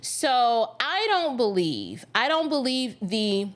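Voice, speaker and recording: A woman's voice: on the high side, big pitch swings, slow. A woman hosting a podcast livestream, talking casually and greeting viewers by name as she chats. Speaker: podcast host.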